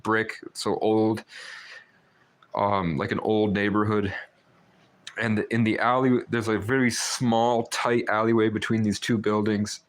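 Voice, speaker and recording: A man hosting a live stream, telling a long story in a rambling, talkative way full of fillers. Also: lowish voice. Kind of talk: casual storytelling chat.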